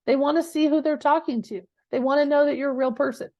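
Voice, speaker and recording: Higher-voiced woman coaching, dry sound. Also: steady tone, fast, a little mellow, no echo, highs cut off. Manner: direct, conversational, with many rhetorical 'right?'s. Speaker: real estate coach. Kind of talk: live teaching session.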